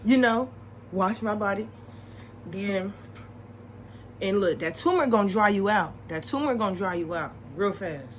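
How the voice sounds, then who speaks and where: A young woman vlogging, chatting casually to the camera with advice, animated and repeating her points for emphasis. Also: mid-range voice, normal speed, pauses often, slight background noise, low-quality recording.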